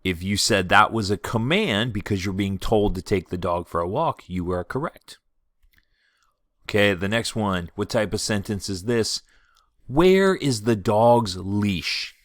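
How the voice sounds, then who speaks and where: In a video lesson for a third grade class, a man explains things clearly and patiently, reading example sentences slowly and with expression. His voice sits on the low side and a bit bright, recorded at studio quality with no echo.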